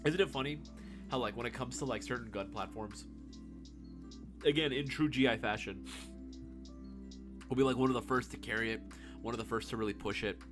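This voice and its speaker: A man's voice: medium pitch, fairly quick, long pauses, music in the background. A young man hosting a casual live-stream Q&A, swearing freely and laughing often. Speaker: live stream host answering viewer questions.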